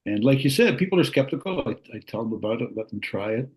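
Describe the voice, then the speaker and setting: A man on a video call giving a casual, rambling testimonial, often clearing his throat. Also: mid-range voice, expressive, quick pace, a little mellow, low-quality recording.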